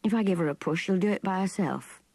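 Brief: a woman doing a quiet, patient gamekeeper from a storybook, gravelly and dark. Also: on the low side, quick pace, no room sound. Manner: terse, patient. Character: quiet weary gamekeeper, reserved man.

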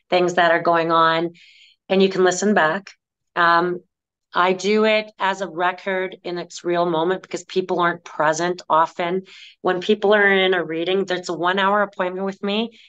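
Smooth-voiced woman clairvoyant, animated storyteller. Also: lowish voice, dull audio. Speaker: clairvoyant guest. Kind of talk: conversational interview.

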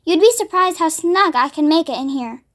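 A woman voicing a gentle, kind young woman teacher in a storybook, soft-spoken. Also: very high-pitched, expressive, normal speed. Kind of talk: read-aloud storybook acting.

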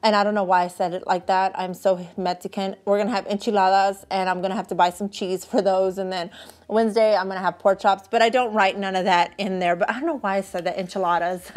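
A middle-aged woman with a Texan accent, chatting casually and rambling as she decorates her planner for a vlog. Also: medium pitch. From Texas. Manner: chatty, rambling, thinks aloud. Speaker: planner vlogger.

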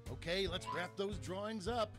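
A man's voice: high voice, moderate pace, natural voice. A man voicing an upbeat, hammy male game-show host in a video game. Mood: peppy. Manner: peppy, hammy announcer delivery. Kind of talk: scripted video game voice acting. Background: game music.

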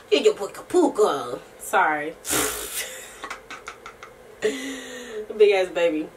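A young woman vlogging in a casual, rambling chat to camera, slangy and profane, often laughing and sometimes breaking into soft singing. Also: mid-range voice, very animated, extremely slow, pauses often, recorded from a distance, noisy background.

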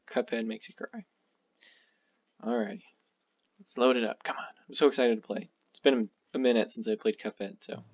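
Excitable man doing chatty game commentary. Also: medium pitch, normal speed, long pauses, muffled recording. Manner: excitable, chatty, with many fillers. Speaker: gaming channel host. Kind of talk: casual let's play commentary.

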